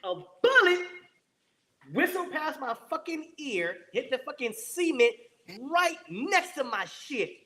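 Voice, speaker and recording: An American man, a former Marine, telling a war story in a lively, profane way and acting out the people he quotes. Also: extremely high pitch, slow pace. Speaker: guest, former Marine rifleman.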